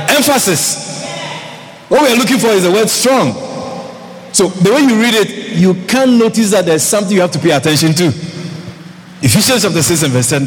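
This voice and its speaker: A man's voice: high-pitched, normal speed, pauses often, slight background noise. A man preaching a sermon as pastor, calling out to the congregation and repeating phrases for emphasis. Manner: lively preaching with calls to the congregation. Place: church hall. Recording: long hall reverb, faint ambience.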